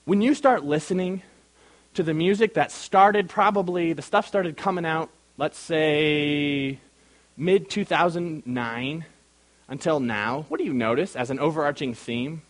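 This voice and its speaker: A pastor with a notably high voice leads a Bible class at a measured pace. He speaks emphatically, asks the group questions and calls on people by name.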